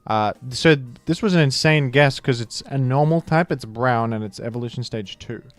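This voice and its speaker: A man's voice: mid-range voice, normal speed, no echo, faint music behind. A young adult man streaming a guessing game, chatting casually, laughing often and tossing in mock accents for jokes. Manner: playful, laughs often, mock British impressions. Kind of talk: casual live-stream commentary.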